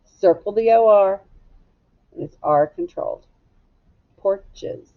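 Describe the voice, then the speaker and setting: A middle-aged woman teacher giving a slow, patient phonics lesson, sounding out word parts step by step. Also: medium pitch, narrow, tinny audio. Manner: slow, patient, drawn-out instruction.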